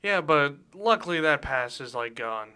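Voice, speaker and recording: A man's voice: on the high side, lively intonation, moderate pace, sharp tone, clear, resonant tone. A man hosting a radio show, chatting loosely and jokingly, often repeating words as he goes. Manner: rambling, jokey, repeats words. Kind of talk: casual radio chat. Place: radio studio.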